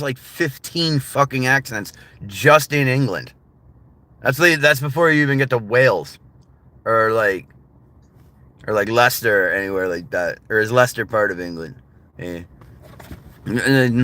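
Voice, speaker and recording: Male streamer, loose and profane, bright and punchy delivery, casual chat with viewers. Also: medium pitch. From United States. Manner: rambling, profane and laughing often. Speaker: livestreamer.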